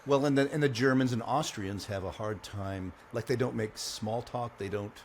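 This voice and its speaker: A man's voice: medium pitch, moderate pace, slight background noise. A man co-hosting a podcast, talking in a blunt, laid-back way with some swearing. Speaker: podcast co-host. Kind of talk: casual podcast chat.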